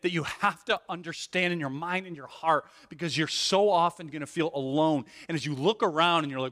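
A male pastor preaching a sermon with animated delivery, rhetorical questions and frequent "right?" asides, restarting and repeating words as he builds a point. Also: on the high side. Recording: long hall reverb.

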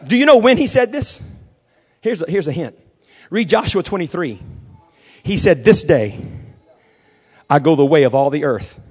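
A man pastor preaching a sermon, moving from quiet storytelling to shouted, fervent declarations. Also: a little high, slightly rough.

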